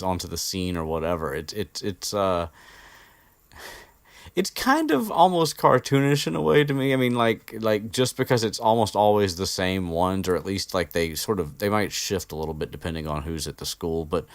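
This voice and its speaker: Podcast host, male, very low voice, dry close sound, loose rambling delivery full of "um"s. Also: dry recording. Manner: rambling, many fillers and restarts, swears casually. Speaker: podcast host recapping a book chapter. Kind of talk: casual unscripted chat. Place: indoor room with an air conditioner.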